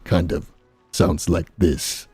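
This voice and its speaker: An ancient, enormous mystic beast, as a man puts it on, speaking in a very deep, low voice. Each word is stretched out at a crawl, the tone dark and mellow. It sounds like a solemn creature from a fantasy game. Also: fairly even intonation, slightly rough, no room sound, faint music behind, exaggerated voice. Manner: slow, drawn-out delivery. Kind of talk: voice-acting demonstration in casual chat.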